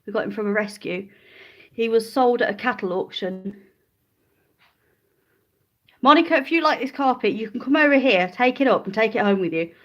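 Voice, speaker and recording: A woman with a fairly high, expressive, fairly bright voice livestreams from the living room of a rented house, easily distracted as she chats with viewers and calls her dogs. She talks at a moderate pace with long pauses, and the recording's highs are cut off. Her phone goes from handheld to a stand.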